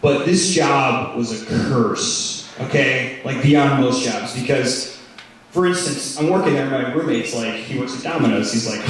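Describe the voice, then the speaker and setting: A young man doing stand-up, telling stories with animated delivery and loud shouted impressions. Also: medium pitch, measured pace, slight background noise. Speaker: stand-up comedian. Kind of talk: stand-up storytelling. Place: comedy club stage. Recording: roomy club sound from a distance with crowd laughter. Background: audience laughing.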